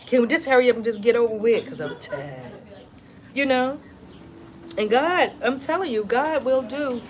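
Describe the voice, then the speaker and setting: Woman host, casual live-stream chat, emphatic and chatty, voice a little high. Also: moderate pace. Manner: chatty and emphatic, talks straight to viewers. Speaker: wellness vlogger.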